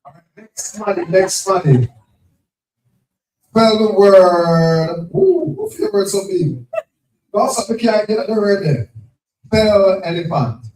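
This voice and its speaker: A man, hosting a live spelling game at an event, brisk and teasing, repeating each word. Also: high voice, wildly swooping pitch, a little mellow. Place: event venue with crowd. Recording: echoey, distant from the mic.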